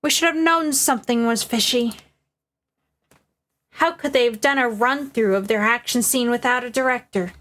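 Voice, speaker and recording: An earnest young defense lawyer making his case in court, read by a woman in close to her own voice. The pitch runs slightly high and the delivery is pleading and sincere. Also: normal speed, fairly bright tone, lightly acted.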